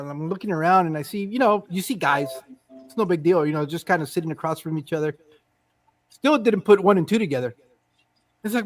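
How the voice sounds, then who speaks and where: A man in his fifties with a fairly high voice, telling a story at a relaxed conversational pace. He is animated and slips into the voices of the people in his tale, swearing casually as he goes. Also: normal speed. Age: 50s.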